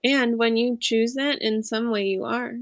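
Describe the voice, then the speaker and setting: Earnest woman with a gravelly edge. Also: a little high, fairly even intonation, measured pace, no room sound. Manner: earnest, reflective, confiding. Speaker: guest speaker, empowerment coach. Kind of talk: casual interview conversation.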